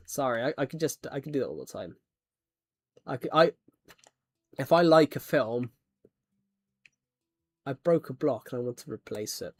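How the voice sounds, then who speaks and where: A man's voice: medium pitch, animated, a little mellow, slightly rough, dry recording. A young man chatting casually while playing a game and reading aloud, playful and rambling with frequent restarts. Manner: playful, rambling, quick to laugh. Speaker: gaming streamer and author.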